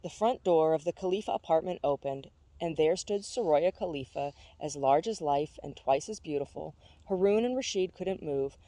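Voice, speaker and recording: A woman reads a novel aloud, steady and even. Her voice is mellow and warm, recorded dry and close. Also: low voice, normal speed, hardly any pauses, no echo. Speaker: audiobook reader.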